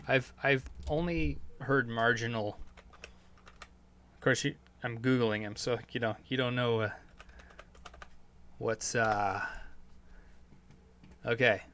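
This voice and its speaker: A man's voice: mid-range voice, steady tone, takes it slowly, pauses often, fairly bright tone, slight background noise. A man hosting a podcast, answering listener questions in a loose monologue that is profane and full of fillers. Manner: rambling, profane, heavy on fillers. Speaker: podcast host.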